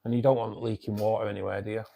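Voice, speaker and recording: A man's voice: lowish voice, flat delivery, very fast, gravelly, mellow. A man with a Manchester accent hosting a live stream, chatting casually and greeting viewers by name as he reads their comments. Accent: Mancunian English. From Manchester area, England. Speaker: live stream host of a fish club. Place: home by his fish tank.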